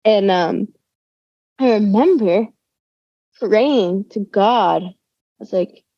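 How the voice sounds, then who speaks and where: A woman's voice: mid-range voice, slow, dry recording. Young female musician guest, casual slangy chat, dry lo-fi audio. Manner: laid-back slangy talk, says dude and bro. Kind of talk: casual conversational interview. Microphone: remote call. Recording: dull, dry lo-fi call audio.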